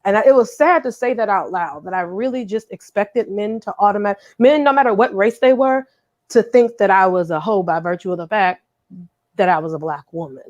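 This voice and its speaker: A woman's voice: mid-range voice, fairly quick, muffled recording. A woman panel guest sharing a personal story, earnest and reflective, acting out the voices she quotes. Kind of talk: personal storytelling in casual chat.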